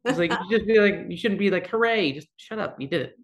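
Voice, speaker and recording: A man's voice: high-pitched, fast talker. A man, a guest actor talking casually in an interview, rambling and blunt. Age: 30s. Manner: rambling, self-deprecating, blunt.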